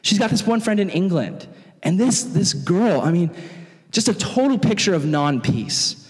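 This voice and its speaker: A young man preaching to young people in a lively, conversational way. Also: sits high, normal speed. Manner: animated, conversational, acts out voices. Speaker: youth pastor. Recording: long hall reverb.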